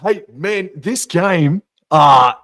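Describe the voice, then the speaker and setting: A man's voice: fairly high pitch, animated, extremely slow, fairly bright tone, dry recording. A man with an Australian accent co-commentating a live match in a casual, chatty way full of slang. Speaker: sports co-commentator.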